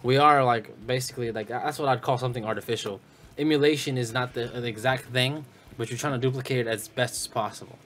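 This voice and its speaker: A young man co-hosting a podcast, talking at a rapid clip in loose, casual chat. He is animated and swears freely, with dude in nearly every sentence. He speaks into a studio mic. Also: mid-range voice, slight background noise. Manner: fast, animated, swearing, says dude a lot. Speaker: podcast co-host. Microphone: studio mic on a stand, with headphones.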